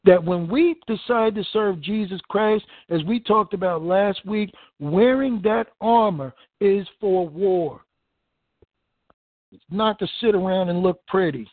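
A man with a high voice preaches a fervent sermon, reading scripture and pressing each point with emphasis. The sound is thin and phone-like, with a dry, close feel. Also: measured pace, no echo. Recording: tinny phone-like dry recording.

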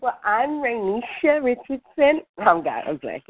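A woman's voice: fairly high pitch, unhurried. Playful woman psychic guest on phone. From Los Angeles, California. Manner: playful, laughing, lively. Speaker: intuitive reader, guest. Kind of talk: casual call-in radio chat. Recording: tinny phone line.

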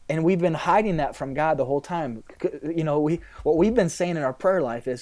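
A man's voice: fairly high pitch, brisk, hardly any pauses, a little mellow. A man in his thirties, a pastor, talking candidly in a casual interview, rambling a little with fillers.

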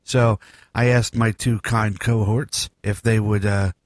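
A man's voice: on the low side, fairly even intonation, slow, dry recording, clean studio sound. A man hosting a casual podcast in his morning voice, rambling and joking with many fillers. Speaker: podcast host.

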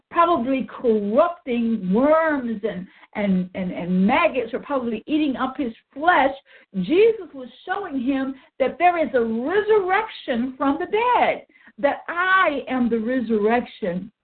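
A woman's voice: high-pitched, animated, slow. Woman teaching Bible study over a phone line. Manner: reads scripture in old wording, then explains it earnestly.

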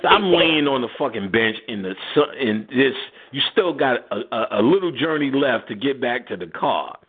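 A man's voice: medium pitch, normal speed, husky. A man hosting a radio show, telling a profane story in casual chat and acting out the people in it, laughing often. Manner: animated, laughing, acts out quotes in voices. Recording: phone-line audio.

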